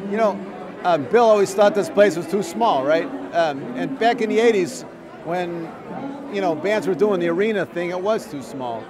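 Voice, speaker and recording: A man being interviewed about his music career, telling an anecdote with animated quoted voices. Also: sits high, normal speed. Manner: animated storyteller, acts out quotes. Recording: crowd noise behind.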